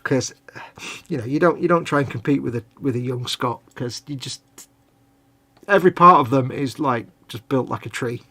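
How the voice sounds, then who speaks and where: A man's voice: medium pitch, normal speed, sharp tone, no room sound. A middle-aged man co-hosting a live hobby stream, chatting casually and teasing while he builds models. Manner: jokey, rambling, teasing.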